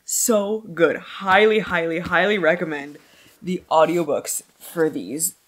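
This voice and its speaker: Animated, chatty woman with a lower voice. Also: a little slow. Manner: chatty, scattered, swears freely, laughs often. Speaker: book vlogger. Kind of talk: casual book wrap-up chat. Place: at home.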